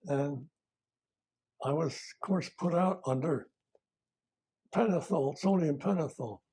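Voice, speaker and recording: An older retired army veteran man recalling his service in a plain-spoken, halting way, with fillers and self-corrections. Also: fairly high pitch, mellow, husky. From United States. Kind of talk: oral history recollection.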